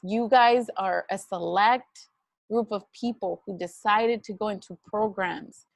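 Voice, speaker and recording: A woman's voice: medium pitch, unhurried, creaky, no echo. A young adult woman ICU physician telling personal hospital stories to students, earnest and emotional, quoting conversations with frequent restarts. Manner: earnest, emotional, quotes dialogue, many restarts.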